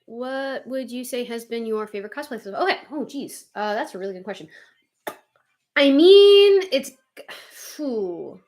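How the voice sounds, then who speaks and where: Hosting a livestream, this woman talks with her audience in a relaxed way and goes through their comments. Her pitch is fairly high, and she comes across as animated, laughing readily.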